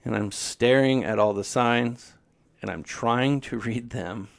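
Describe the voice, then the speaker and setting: A young man co-hosting a podcast, telling a story in a casual, animated way with lots of swearing. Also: mid-range voice, measured pace, vocal fry. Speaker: podcast co-host.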